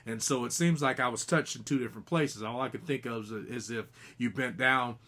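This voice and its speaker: A man's voice: mid-range voice, fairly quick, bright, forceful tone. A man on a podcast earnestly telling, in detail, about a ghostly encounter during an investigation, often restarting his sentences. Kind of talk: casual podcast storytelling.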